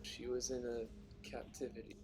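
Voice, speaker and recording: A man's voice: medium pitch, completely flat delivery, normal speed. A man playing a tabletop game, thinking aloud with hesitant fillers. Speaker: player. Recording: music playing behind.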